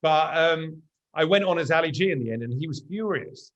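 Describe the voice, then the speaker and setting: Lively middle-aged male storyteller. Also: a little high, brisk. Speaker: guest. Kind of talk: casual conversation.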